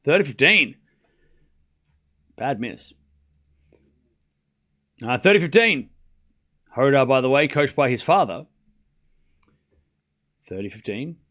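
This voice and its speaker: A man's voice: medium pitch, lively intonation, slow, pauses often, fairly bright tone. A young man casually calling a live tennis match for a stream audience, chatty and self-mocking, stumbling over player names. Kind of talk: casual play-by-play watchalong commentary.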